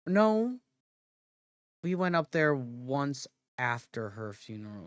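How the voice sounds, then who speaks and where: A man livestreaming in relaxed casual chat, rambling and correcting himself as he goes. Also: medium pitch, slow pace, dry recording.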